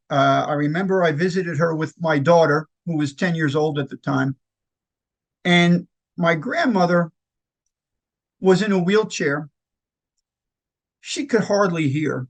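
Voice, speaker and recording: Man telling lively anecdotes with fillers. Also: fairly high pitch. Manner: halting, with frequent fillers and restarts; lively anecdotal storyteller who acts out quoted lines. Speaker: nonprofit founder. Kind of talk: conversational interview storytelling.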